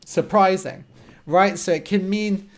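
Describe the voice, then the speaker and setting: A man teaching English on a live stream, explaining words patiently and checking in with frequent "okay?". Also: sits high. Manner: slow, simple, encouraging explanations with frequent "okay?". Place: home room.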